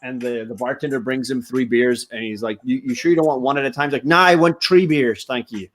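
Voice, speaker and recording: Guy telling a bar joke, mid voice, kinda halting, lotta uh's. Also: medium pitch, fairly bright tone. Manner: hesitant, lots of uh. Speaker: stream guest.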